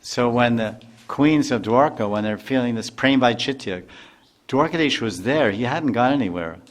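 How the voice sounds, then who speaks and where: A man's voice: mid-range voice, normal speed. An older man, a spiritual teacher, giving a devotional lecture in a loose, conversational way with many asides and restarts.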